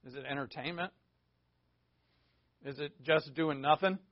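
A man's voice: a little high, unhurried, dry recording. A man preaching a conversational sermon, full of rhetorical questions and informal asides. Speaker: pastor. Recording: dull lo-fi dry recording.

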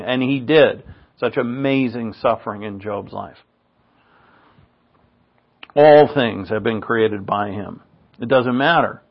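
A man preaching a sermon in an earnest manner, his pitch rising on rhetorical questions. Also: dull audio.

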